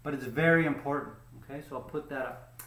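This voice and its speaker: A man's voice: medium pitch, steady tone, fairly quick, fairly bright tone, reverberant, rough recording. A man teaching a pronunciation lesson, speaking patiently, repeating words and checking in with "okay?". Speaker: English teacher.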